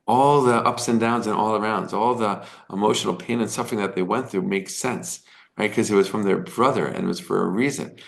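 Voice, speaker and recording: A man's voice: fairly low pitch, steady tone, fairly quick, vocal fry. A man giving a casual, earnest Torah lesson, retelling the story with quoted dialogue and often asking "right?". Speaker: Torah teacher.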